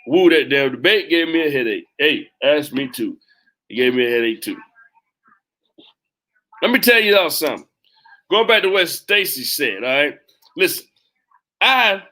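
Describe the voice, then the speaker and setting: A young man with hosts live political commentary in a high, bright, ringing voice. He talks emphatically, circling back to the same lines with a preacher's rhythm. His delivery leans hard on each point. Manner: emphatic, repeats himself, preaching cadence. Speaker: host.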